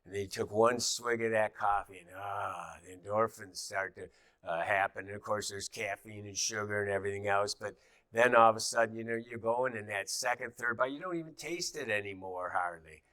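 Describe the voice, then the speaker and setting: A man's voice: on the low side, fairly quick, fairly bright tone, no room sound. A middle-aged man teaching a class in an easy, conversational way, with many fillers and restarts and little acted-out quotes.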